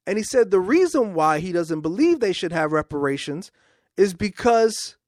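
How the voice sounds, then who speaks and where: High-voiced man hosting a talk show. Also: darkish tone, no echo, clean studio sound. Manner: informal, repeats words as he starts sentences. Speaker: podcast host. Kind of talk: casual political monologue.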